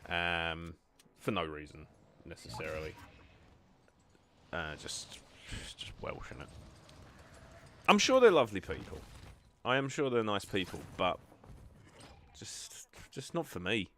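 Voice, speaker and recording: A man's voice: deep voice, unhurried, long pauses, sharp tone, a little hiss or hum. A young man hosting a gaming video, chatting casually and self-deprecatingly with lots of ums. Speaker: gaming channel host. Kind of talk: casual gameplay chat.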